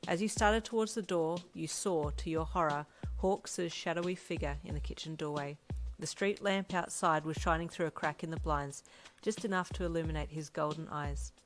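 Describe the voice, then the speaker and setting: A woman narrating a second-person fanfic story in a steady, even way. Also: low-pitched, moderate pace, hardly any pauses, poor audio. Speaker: audiobook narrator. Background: faint music.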